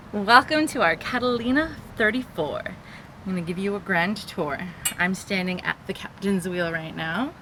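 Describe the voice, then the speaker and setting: A woman hosting a vlog, giving an excited, giggly tour of a small sailboat she is aboard. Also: medium pitch, measured pace, a little hiss or hum. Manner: excited, giggly, with frequent laughs. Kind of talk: casual tour walkthrough.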